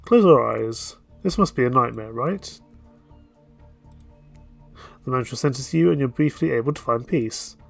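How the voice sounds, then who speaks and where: A man's voice: medium pitch, normal speed, creaky, long pauses, faint music behind. A man playing a dating game on stream, reading its narration aloud and dropping playful, jokey asides.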